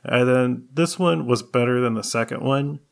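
Gravelly guy rambling on a podcast, lots of ums. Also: mid-range voice, moderate pace. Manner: relaxed, rambling, filler-heavy. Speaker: podcast co-host. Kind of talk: casual chat.

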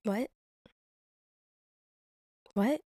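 A woman chatting casually and animatedly, full of slang and quick stories. The sound is dry and close, with no room around her voice. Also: dry recording. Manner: animated, laughing, slangy storytelling. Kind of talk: casual conversation.

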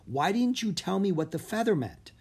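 Eager boy dragon rider, voiced by the narrator; earnest, lively, raised pitch. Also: moderate pace, breathy edge.

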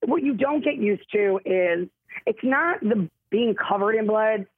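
A woman actress in a casual interview, telling stories in a rambling, self-interrupting, animated way with a husky voice. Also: medium pitch, a little slow, a little hiss or hum. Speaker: actress guest. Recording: tinny phone-like line, dry.

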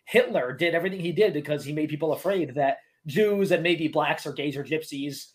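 A man with a slightly high voice who builds arguments point by point in a casual podcast chat. He sounds earnest and speaks in a conversational way. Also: a little fast. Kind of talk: casual podcast panel talk.

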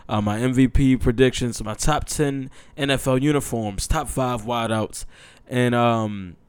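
A young adult man hosting a casual football podcast, excitable and chatty, with loose talk full of fillers and restarts. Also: mid-range voice, a little slow, clean tone, dry recording. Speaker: podcast host.

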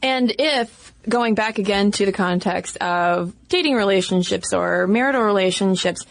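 A woman's voice: medium pitch, moderate pace, gravelly. A woman co-hosting a podcast who jokes and laughs often. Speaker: podcast co-host. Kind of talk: casual podcast chat.

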